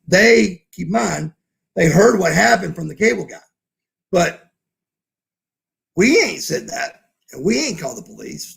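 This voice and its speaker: Male podcast guest, gravelly, blunt and profane, acts out quoted dialogue. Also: a little high, a bit bright. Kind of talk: casual storytelling.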